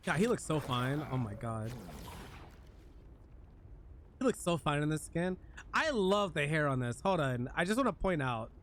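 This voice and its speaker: This male game streamer chats casually with his viewers while he plays, animated and full of jokes. His pitch is fairly high and his speed normal, with long pauses. A little hiss or hum sits under the recording.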